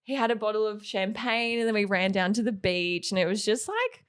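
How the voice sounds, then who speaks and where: A woman's voice: mid-range voice, brisk, smooth. A young woman casually telling a personal story on a podcast, rambling and filling her sentences with "like". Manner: rambling, heavy use of "like"; animated when quoting.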